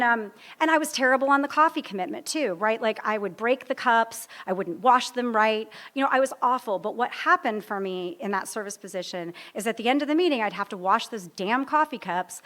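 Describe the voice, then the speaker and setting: A woman in her fifties tells her own story to a live audience at a recovery meeting, her voice a little high and a bit bright. She's funny and self-deprecating, rambling and easily sidetracked.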